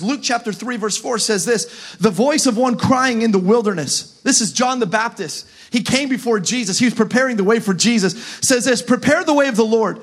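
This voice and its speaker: Speaking in a very high voice, a man preaches as pastor, walking the crowd through his points. His sermon builds into passionate, shouted appeals.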